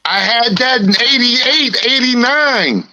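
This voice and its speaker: A middle-aged man with a slight lisp, talking in a relaxed, laughing way on a podcast. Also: very high-pitched, slow pace, poor audio. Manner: laid-back, laughing, peppered with "you know what I'm saying". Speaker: guest rapper. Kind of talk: casual podcast chat.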